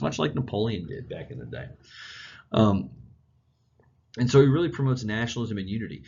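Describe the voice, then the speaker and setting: A man's voice: lowish voice, breathy edge, lo-fi sound. A male history teacher giving a casual, chatty classroom lecture. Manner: casual, chatty, animated storytelling.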